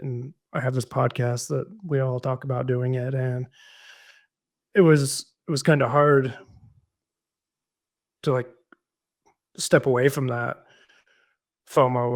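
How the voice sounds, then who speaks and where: A man who is a guest on a recovery podcast, talking through his experience in a relaxed, reflective way, with many fillers and restarts. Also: medium pitch. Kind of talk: casual conversational storytelling.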